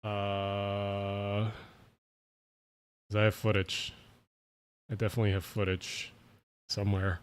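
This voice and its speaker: A man's voice: on the low side, completely flat delivery, takes it slowly, pauses often, clear, resonant tone. A man with a Jersey and Philly area accent chatting casually on a late-night livestream, rambling, swearing and running his words together. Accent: New Jersey/Philadelphia. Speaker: streamer.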